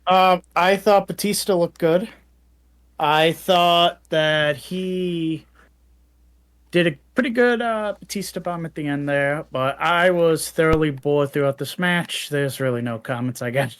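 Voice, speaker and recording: A man's voice: a little high, measured pace, a bit bright, clean tone. Unimpressed male podcast co-host. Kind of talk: casual podcast chat.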